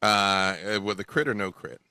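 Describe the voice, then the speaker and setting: A man's voice: on the low side, measured pace, pushed and bright, smooth, no room sound, clean studio sound. A man running a tabletop role-playing game as game master, checking rules and describing scenes over a video call. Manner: explains rules, checks details aloud.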